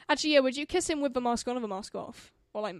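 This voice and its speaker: Lively, high-voiced woman podcast host. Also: fairly quick, clean tone, dry recording, clean studio sound. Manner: chatty, rambling, lots of fillers. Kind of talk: casual chat.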